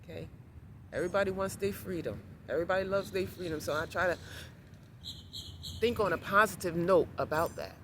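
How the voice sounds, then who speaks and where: A woman's voice: lowish voice, brisk, pauses often, fairly bright tone. A woman vlogging in casual talk, rambling and repeating reassurances to herself. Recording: noisy outdoor street recording.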